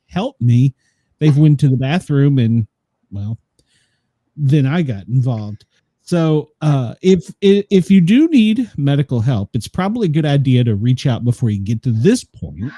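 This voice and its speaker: Rambling along with lots of fillers and chuckles, this man co-hosts a casual daily news chat show and used to be an emergency responder. He speaks in a warm, mid-range voice, recorded without echo.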